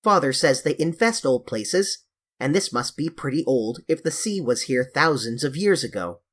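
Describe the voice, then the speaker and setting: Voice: medium pitch, lively intonation, normal speed, fairly bright tone. An audiobook reader voicing a sensible young boy who speaks firmly and matter-of-factly. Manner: matter-of-fact, firm.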